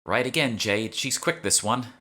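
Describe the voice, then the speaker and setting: A man voicing a sarcastic young woman with a British accent who teases with quick quips. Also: mid-range voice, sharp tone, pitched above the performer's own voice, lightly acted. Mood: wry.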